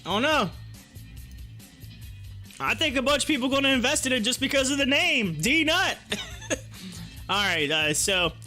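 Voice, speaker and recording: A man with a very high, lively voice hosts a casual livestream, joking and laughing often. He talks in an unhurried way while eating, over faint background music. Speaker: stock market livestream host.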